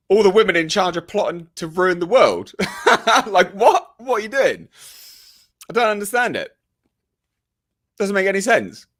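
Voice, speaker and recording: A man giving a casual, ranting review to a live chat, full of fillers and restarts and openly exasperated. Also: mid-range voice. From United Kingdom.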